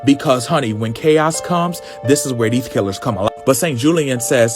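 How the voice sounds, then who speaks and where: A man casually recapping a comic book, telling it in a sassy, animated way full of slang. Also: medium pitch, moderate pace, hardly any pauses, music in the background.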